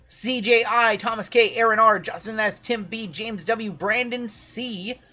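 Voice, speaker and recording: A man hosting a live-stream card break, chatty and reading lists of names quickly. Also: sits high, pushed and bright, faint music behind.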